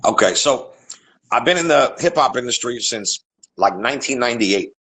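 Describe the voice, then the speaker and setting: A man's voice: medium pitch, expressive, moderate pace, a bit bright, slightly rough, rough recording. A man from Staten Island with a heavy New York accent, a rapper chatting bluntly as a podcast guest over a video call. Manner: blunt, streetwise, swears freely. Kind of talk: casual chat.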